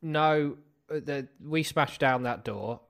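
A man's voice: on the high side, slow pace, creaky, a bit bright. A man playing in a tabletop game, cheeky and often laughing. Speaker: player. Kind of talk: casual in-character chat.

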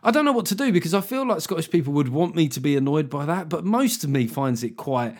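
A man's voice: a little high, lively intonation, fast, darkish tone. Wry, rambling man. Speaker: podcast host. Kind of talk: solo comedy podcast monologue.

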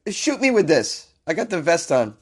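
A man's voice: a little high, sing-song, normal speed, husky, pitched above the performer's own voice. A man mocking a whiny, dim drunk guy. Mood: goofy. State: hoarse from illness.

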